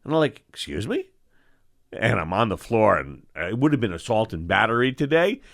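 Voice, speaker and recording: An older man from New York who hosts a show as an eye doctor, telling lively stories in casual chat and acting out the voices of the people in them. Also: on the low side, moderate pace, creaky. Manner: animated storyteller, acts out voices. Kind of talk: storytelling chat.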